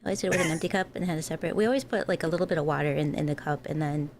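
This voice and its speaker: A woman co-hosting a casual livestream, talkative and giggly. Her voice sits a little low for a woman. Faint noise hums in the background. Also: racing, darkish tone. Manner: chatty, giggly. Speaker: livestream co-host. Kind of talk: casual chat.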